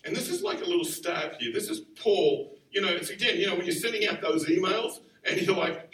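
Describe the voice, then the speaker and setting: Animated preacher in an echoing church. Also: male voice, high voice, brisk, hardly any pauses, a little hiss or hum. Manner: animated, conversational, acts out quotes. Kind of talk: sermon. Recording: roomy sound from far off the mic.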